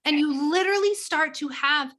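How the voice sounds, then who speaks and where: A woman guest explaining a tapping method in a conversational, teaching way, animated and acting out examples as she goes. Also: sits high, moderate pace. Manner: animated, acts out examples of inner talk.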